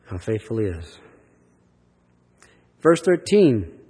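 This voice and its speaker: A man's voice: medium pitch, animated, normal speed, a little mellow, slightly rough, long reverb tail. A man preaching a sermon, reading Scripture aloud and teaching from it with earnest, emphatic delivery that swells and drops. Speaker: pastor.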